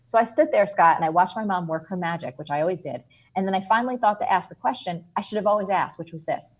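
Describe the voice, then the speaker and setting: A middle-aged woman from New Jersey, a guest author telling an animated story in an interview. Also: medium pitch, fast. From New Jersey, USA. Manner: lively, expressive storyteller.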